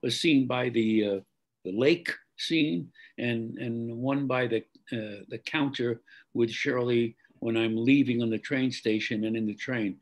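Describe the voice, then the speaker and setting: An older man recalls his career at an unhurried pace. His voice is husky and a little breathy, and he often stops, restarts and clears his throat. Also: medium pitch, poor audio. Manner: halting, many fillers and restarts, clears throat. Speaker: actor guest. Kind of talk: interview storytelling.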